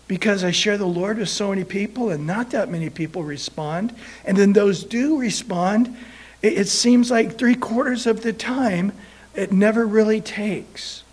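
A man with a high voice preaches a sermon. He tells the story with animated energy and briefly acts out the voices of the people in it. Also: a little slow.

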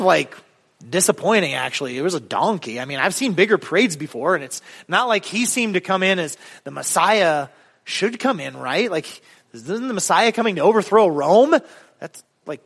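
Male pastor, slightly high voice, chatty sermon delivery with frequent ums, long church-hall reverb. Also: fairly bright tone. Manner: conversational, with filler ums and rising emphatic questions. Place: church sanctuary.

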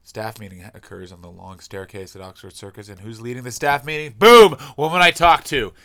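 Male comic, mid-pitched, profane ranting monologue, dry booth sound. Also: smooth, dry recording. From Canada. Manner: profane, ranting, quick shifts in loudness. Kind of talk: casual storytelling monologue.

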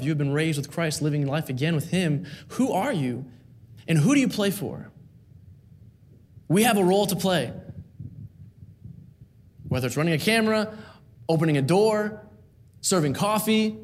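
Male preacher, high voice, earnest sermon delivery with rhythmic repeated phrases. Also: animated, normal speed, long pauses. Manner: earnest, rhythmic repetition with rising emphasis.

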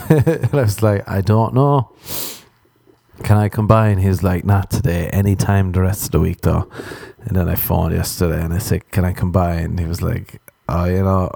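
Heard with no echo, this young man's voice is low-pitched, gravelly, and warm. He hosts a solo podcast in Los Angeles, telling wandering, curse-laden stories and acting out what other people said.

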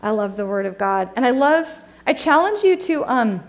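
A woman's voice: on the high side, big pitch swings, moderate pace. A young woman delivers a sermon in a loose, conversational storytelling style. She drifts through personal anecdotes with plenty of "um"s and restarts before easing into scripture. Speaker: preacher.

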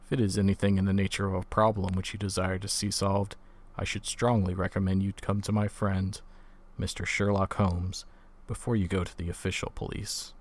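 Calm, practical doctor, brisk and kindly; low monotone, read by a male narrator.

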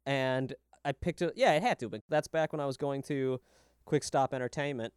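A man's voice: medium pitch, normal speed, clean tone, no echo, studio quality. A man co-hosting a podcast in loose, jokey casual chat, often laughing. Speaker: podcast co-host.

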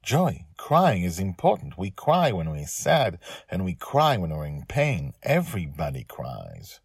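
A caring dragon father in a storybook podcast, voiced by a man, gently persuading and a little playful. The voice is husky and lively, with a dry, close sound. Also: deep voice, unhurried, no room sound, full character voice. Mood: gentle.

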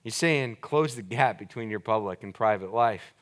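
A man preaching a sermon as pastor, earnest and explanatory, slowing down to stress key words and dropping his voice low for emphasis.

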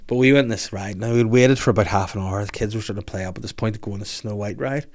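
A man's voice: lowish voice, fast talker. A man telling a story on a podcast. He laughs through it, swears freely and acts out other people's voices when he quotes them. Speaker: comedian guest. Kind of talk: casual storytelling chat. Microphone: podcast microphone.

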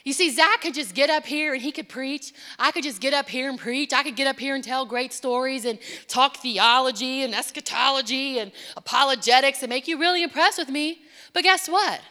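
Bright-voiced woman preaching in a reverberant church. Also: high-pitched, fairly quick. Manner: impassioned, swings from hushed to emphatic. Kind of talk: sermon. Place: church sanctuary.

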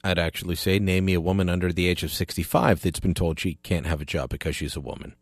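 A man's voice: low-pitched, fairly even intonation, quick pace, no room sound. A man hosting a call-in radio talk show, opinionated and sarcastic with punchy emphasis, speaking into a studio microphone.

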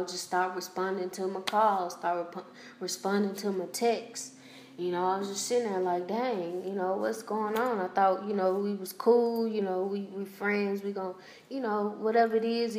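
A woman hosting a personal podcast, talking haltingly with many fillers and restarts as she holds back tears. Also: mid-range voice, a little mellow, echoey room, a little hiss or hum. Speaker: podcast host.

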